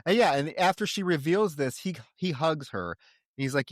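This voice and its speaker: A man's voice: fairly high pitch, animated, normal speed, dry recording, clean studio sound. A man co-hosting a podcast, animatedly retelling a film's plot in casual chat with frequent laughs. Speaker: podcast co-host. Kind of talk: casual film discussion.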